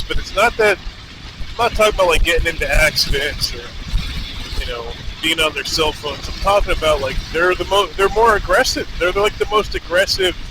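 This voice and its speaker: A man rambles and swears as he rides down a highway, often poking fun at himself. His voice sits a touch high. The helmet mic picks up loud road and wind noise. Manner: rambling, profane, self-mocking. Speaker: vlogger. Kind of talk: casual monologue while riding. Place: on a motorcycle on a highway.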